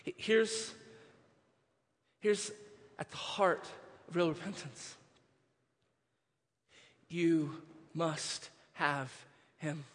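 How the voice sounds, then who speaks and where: A man preaching a sermon as pastor, moving between hushed storytelling and impassioned, near-shouted preaching. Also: on the high side, drawn-out words, long pauses, long reverb tail.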